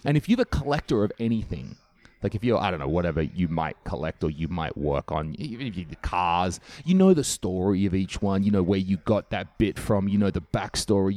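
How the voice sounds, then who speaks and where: Low-voiced man riffing on comedy. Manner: animated, swears freely, acts out quoted voices. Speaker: comedian podcast host. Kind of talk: casual monologue.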